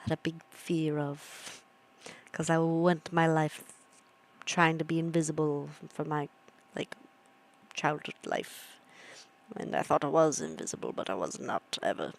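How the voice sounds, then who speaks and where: A woman's voice: low-pitched, a little slow, creaky. A young woman streamer chatting casually with her viewers, rambling and laughing at her own jokes. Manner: chatty, rambling, self-amused, talks to chat. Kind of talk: casual livestream chat.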